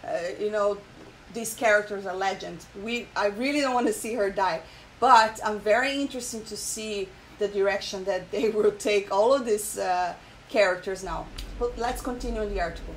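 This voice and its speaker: A woman hosting her own channel, chatting emotionally in casual commentary with many fillers, pausing to read an article aloud. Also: mid-range voice, slight background noise, low-quality recording. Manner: emotional, frequent fillers and repeated "okay?". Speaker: channel host.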